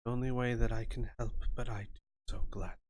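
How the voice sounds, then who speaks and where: A man voicing a hushed ghostly fortune teller. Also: mid-range voice, fairly even intonation, brisk, close to an everyday voice. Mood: gentle. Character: ghostly woman fortune teller, calm and solemn.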